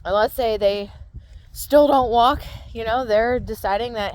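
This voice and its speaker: A woman's voice: fairly high pitch, a little slow, slight background noise. A woman mindset coach talking casually to her viewers, explaining step by step and often checking in with "right?". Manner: conversational, explaining with frequent "right?" check-ins. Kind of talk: casual talk to camera.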